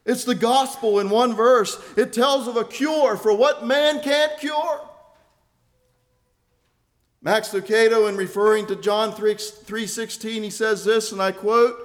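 A man preaching a sermon in an earnest, deliberate way, repeating key phrases for weight. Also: high-pitched.

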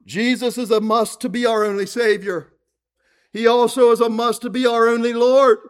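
A man preaching a sermon, reading scripture aloud and repeating his points earnestly, often dropping to a low murmur at the ends of phrases. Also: little pitch movement, moderate pace, clean tone.

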